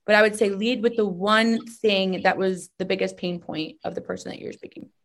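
A woman podcast co-host offering advice in a measured, conversational way. Her voice sits at a middle pitch, and she fills her pauses with casual fillers as she thinks aloud. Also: steady tone. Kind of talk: casual chat.

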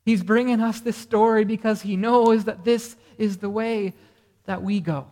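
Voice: mid-range voice, steady tone, unhurried, mellow. A pastor delivering a morning sermon earnestly, asking the congregation rhetorical questions. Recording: reverberant hall sound.

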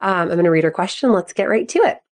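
A woman in her thirties hosting an advice podcast as a sports psychology coach, upbeat and expressive, acting out quotes in a higher voice. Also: quick pace.

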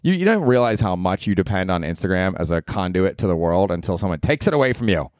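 A man's voice: low-pitched, very animated, quick pace, a little mellow, no echo, studio quality. A comedian in his forties hosting a casual solo podcast from his apartment, rambling, swearing freely and poking fun at himself. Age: 40s. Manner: rambling, profane, self-deprecating.

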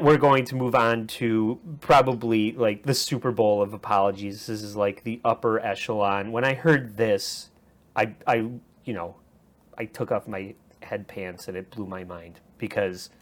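Rambling, wry male podcast host. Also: mid-range voice. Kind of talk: crude comedy podcast chat.

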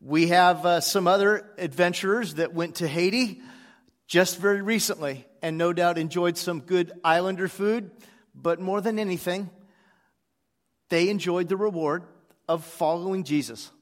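Man, pastor, sermon, easygoing storytelling, high voice, long church reverb. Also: moderate pace. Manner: relaxed storytelling with fillers. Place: church sanctuary.

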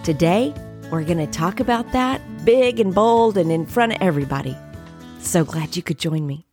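A middle-aged woman from the United States hosting a faith podcast, telling a personal story earnestly and dropping to soft whispers at times. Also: on the low side, expressive, normal speed, faint music behind. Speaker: podcast host.

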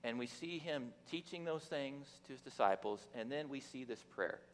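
A man's voice: mid-range voice, expressive, moderate pace, a little hiss or hum. A man giving a casual, joking sermon from the pulpit, talking in a conversational way with frequent restarts and fillers. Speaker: guest preacher. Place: church sanctuary. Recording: long reverb of a church hall.

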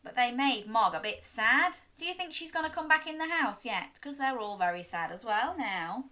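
Bright, animated woman reading to children. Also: fairly high pitch, moderate pace. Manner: sing-song, gasping, encouraging, lively. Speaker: storyteller for young children. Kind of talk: children's story reading with interactive prompts.

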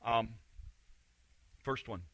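A man's voice: mid-range voice, extremely slow, fairly bright tone, breathy edge, no echo. A man preaching a sermon in a conversational, emphatic way, repeating key phrases. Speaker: pastor.

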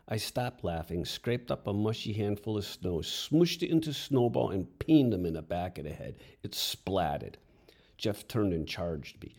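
A man's voice: deep voice, animated, a little slow, darkish tone, breathy edge. A man telling a first-person story with wry, crude humor.

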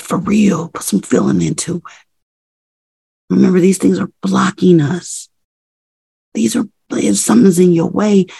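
A woman's voice: lowish voice, gravelly, dark tone, slightly rough, dry recording. A woman hosting a motivational podcast, urging listeners with emphatic, repetitive phrases. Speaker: podcast host.

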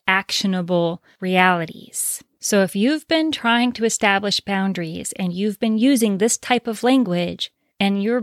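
A woman's voice: medium pitch, dry recording, clean studio sound. A woman hosting a solo advice podcast, explaining her points directly and asking rhetorical questions. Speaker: podcast host.

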